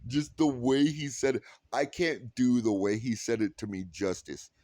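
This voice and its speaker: A man's voice: mid-range voice, steady tone, normal speed, darkish tone, no room sound. A man in his thirties telling a funny story in a casual vlog, quoting people and laughing often. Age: 30s. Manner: rambling with restarts and "like". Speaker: vlogger.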